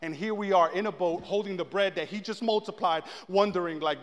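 High-voiced man preaching in an echoing hall. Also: a little fast. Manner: animated storytelling, acts out quotes. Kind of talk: casual comedic sermon. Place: church sanctuary. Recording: long echo of a large hall.

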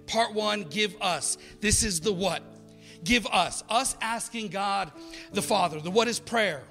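A man with a high, bright voice preaches a sermon, moving from soft, quiet passages to loud, emphatic calls. His voice rings with a long hall reverb, and faint music plays behind him. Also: unhurried, gravelly. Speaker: pastor.

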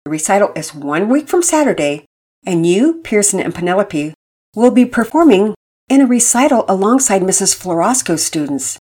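Woman voicing a gentle, encouraging teaching mother. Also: mid-range voice, very animated, normal speed, slightly rough. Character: warm, encouraging homeschool mother.

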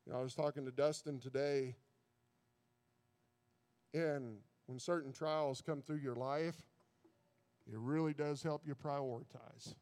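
A man's voice: mid-range voice, steady tone, measured pace, long pauses, a little mellow. A man preaching a sermon who stumbles and repeats words, building into fervent preaching.

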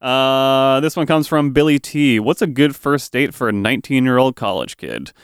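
A man with a smooth, resonant voice hosts a casual podcast and reads out listener questions. He laughs often and keeps the talk easygoing. The recording is dry and close. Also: medium pitch, expressive, normal speed, no room sound. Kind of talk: casual chat.

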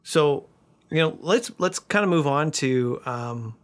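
A man hosting an interview in a casual way, speaking haltingly and searching for his words as he sets up questions. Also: a little high, expressive. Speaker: host.

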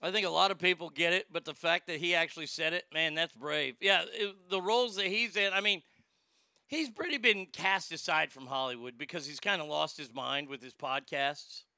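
Sarcastic, profane man with a gravelly voice. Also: fairly high pitch, moderate pace, pushed and bright, no echo, clean studio sound. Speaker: commentator. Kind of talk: casual commentary vlog.

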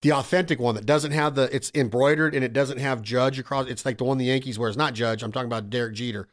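A man in casual podcast chat, telling excited, profane stories and calling his friend "bro" and "dude". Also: medium pitch, quick pace.

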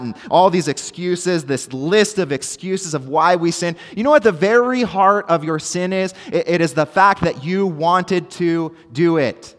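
A man's voice: fairly high pitch, moderate pace, few pauses, big-room sound. A man preaching a sermon as pastor, earnest and emphatic, repeating key phrases for weight.

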